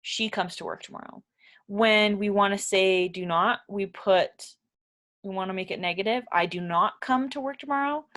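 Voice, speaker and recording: A woman's voice: mid-range voice, moderate pace, fairly bright tone. A woman teaches an English grammar lesson with a patient, step-by-step delivery. She often stops to check that her learners follow and asks them questions.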